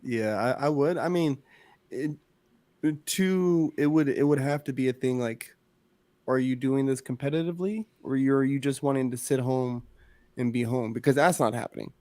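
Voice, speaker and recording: A man on a podcast, talking casually about coaching and raising kids. He rambles in a relaxed, slangy way, recorded close and dry with no room sound. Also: medium pitch, moderate pace, no room sound. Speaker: podcast co-host, former youth coach.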